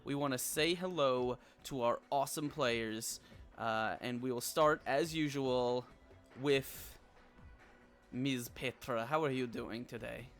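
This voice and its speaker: A man's voice: mid-range voice, takes it slowly, fairly bright tone, faint music behind. A man hosting a live tabletop game stream as game master, upbeat and laughing often, with frequent fillers.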